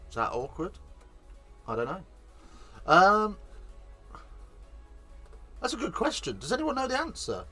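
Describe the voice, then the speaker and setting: Bright, chatty man. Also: high voice, measured pace, pauses often, faint music behind. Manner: chatty, excitable, swears casually. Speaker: host. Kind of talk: live watch-along commentary.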